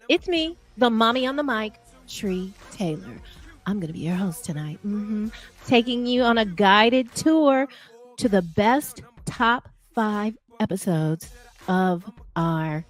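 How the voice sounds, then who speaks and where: Woman talk host, playful and chatty, mid-pitched, recorded dry and close. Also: no echo. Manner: chatty, playful, talks straight to viewers. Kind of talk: casual hosting and ad read.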